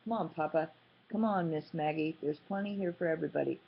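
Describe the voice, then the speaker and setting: A woman voicing a capable grown daughter who speaks in a brisk, scolding way. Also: low voice, creaky, slightly rough, heavily acted. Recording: slightly muffled, dull audio.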